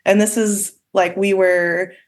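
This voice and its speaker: A woman's voice: mid-range voice, level tone, slow pace. Candid woman telling her story. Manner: candid, frequent "like" fillers, occasional swearing. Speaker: podcast guest. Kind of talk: casual personal storytelling.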